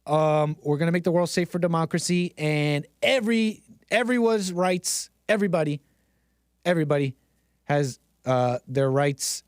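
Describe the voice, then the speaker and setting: A man's voice: on the high side, expressive, moderate pace, clear, resonant tone, no room sound, studio quality, close to an everyday voice. A man putting on the voice of a smug, boastful older US president giving a speech, in a folksy, self-congratulating way.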